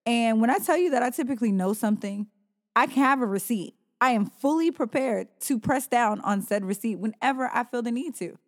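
A woman's voice: on the high side, expressive, fairly quick, in a large hall. A woman co-hosting a podcast in casual chat, blunt and emphatic, with some swearing. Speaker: podcast co-host.

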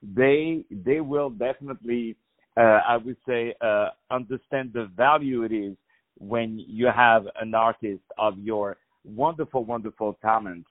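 A man's voice: mid-range voice, measured pace, phone-quality sound. A man hosting a radio interview, effusive and full of repeated praise. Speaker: radio host. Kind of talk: enthusiastic interview.

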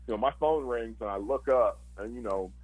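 A man's voice: medium pitch, a little fast, a crowd in the background, low-quality recording. A man, a former football player, telling his story casually and animatedly, acting out quotes with lots of fillers.

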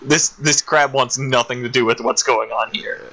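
A man co-hosting a podcast in casual chat, retelling a story with animated little voices and frequent laughs. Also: mid-range voice, moderate pace, slight background noise, low-quality recording. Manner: laughs often. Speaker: podcast co-host.

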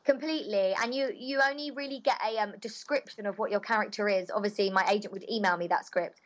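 In an interview, a young voice actress answers in a relaxed, chatty way, full of cheerful, bubbly energy. She talks fast with a medium pitch, and the audio sounds dull.

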